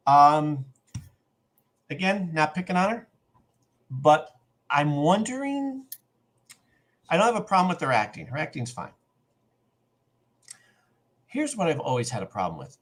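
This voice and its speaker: A man co-hosting a podcast in casual chat, animated and acting out scenes in quoted voices. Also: fairly high pitch, measured pace, pauses often. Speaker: podcast co-host.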